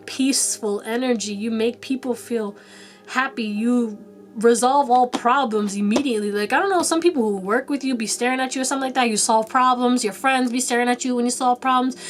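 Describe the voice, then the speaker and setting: Chatty, laughing young woman tarot reader. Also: on the high side. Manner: chatty, slangy, laughs often. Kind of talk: casual tarot reading to camera.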